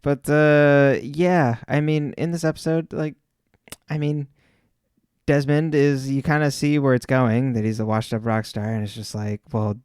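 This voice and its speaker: A man co-hosts a podcast in relaxed, rambling chat, full of "um" and "like". His voice sits at a middle pitch and is recorded close and dry, with no room sound. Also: normal speed, clear, resonant tone, dry recording. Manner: rambling, laid-back, many fillers. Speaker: podcast co-host. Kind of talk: casual chat.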